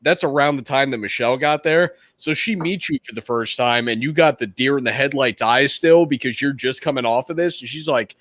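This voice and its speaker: A man's voice: medium pitch, brisk, hardly any pauses, a bit bright. A man in casual podcast banter, telling a story in an easygoing way with plenty of laughing. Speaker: podcast co-host.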